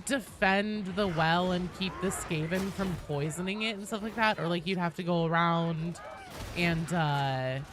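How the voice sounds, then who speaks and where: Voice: medium pitch, a little slow, background noise. A game streamer in casual live-stream chat while gaming, rambling with lots of fillers and restarts in a Valley Girl-like way of talking.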